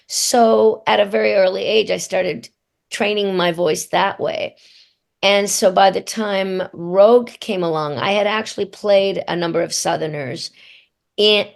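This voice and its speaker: A woman's voice: mid-range voice, gravelly. A middle-aged woman from Australia, answering interview questions in a reflective storytelling manner. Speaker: voice actor guest.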